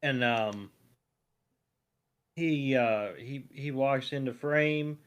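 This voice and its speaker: A man's voice: mid-range voice, extremely slow, smooth, lo-fi sound. A man co-hosting a podcast, chatting casually through a cartoon episode with fillers and asides. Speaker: podcast co-host.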